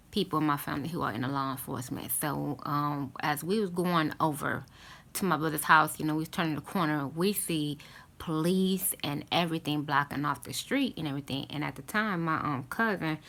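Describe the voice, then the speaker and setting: A middle-aged woman with a very low voice tells a personal story to her viewers. Her speech has a gravelly edge, and she rambles earnestly, leaning on "you know" and "um" and calling her viewers "family". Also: fairly bright tone. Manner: many fillers like "you know" and "um". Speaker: vlogger talking to her viewers. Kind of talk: casual storytelling to camera.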